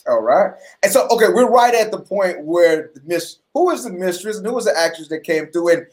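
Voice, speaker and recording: A host asking questions in a relaxed, joking way, with many fillers like "you know". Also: medium pitch, a little fast. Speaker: podcast host. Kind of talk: casual interview chat.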